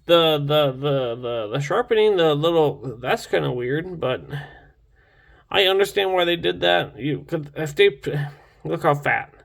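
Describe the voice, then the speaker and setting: A man's voice: on the high side, animated, unhurried, gravelly. A young man casually reviewing a knife in a rambling, enthusiastic vlog, full of restarts and fillers.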